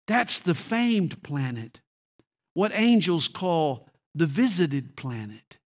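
A man's voice: fairly high pitch, lively intonation, voice pushed down. A man doing a stern senior angel. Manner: firm, measured rebuke. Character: stern senior male angel, patient teacher.

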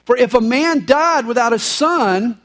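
Punning pastor with a high voice. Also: male voice, lively intonation, a little slow, a bit bright. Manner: folksy punning humor. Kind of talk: sermon. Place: church service, live.

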